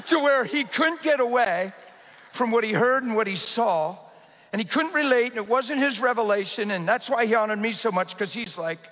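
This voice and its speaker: A male pastor delivers a storytelling sermon, acting out each person's lines with animated energy and frequent laughter. His voice sits high and bright. A long reverb trails every phrase, as in a big church sanctuary. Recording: reverberant hall.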